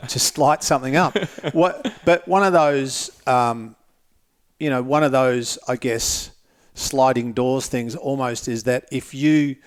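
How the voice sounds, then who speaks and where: A man's voice: medium pitch, slow. Reflective man speaking candidly. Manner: reflective, candid, swears casually. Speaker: guest, motivational speaker. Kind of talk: casual conversation.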